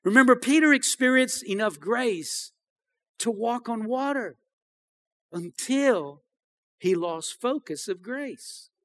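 High, bright-voiced preacher man. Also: animated, slow pace. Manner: emphatic, repeats phrases and asks the congregation "Amen?". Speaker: pastor. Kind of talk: sermon.

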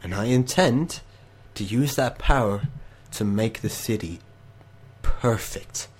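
A man game master voicing a calm, possessive male crime boss in a hushed, measured tone. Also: on the low side, breathy edge. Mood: quietly menacing. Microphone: online call.

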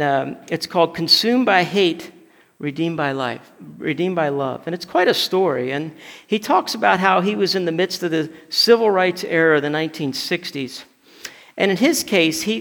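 A man's voice: fairly high pitch, lively intonation, normal speed, gravelly, a bit bright. A male pastor preaching a conversational sermon, telling stories and often stumbling over and repeating words. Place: church sanctuary. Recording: long hall reverb.

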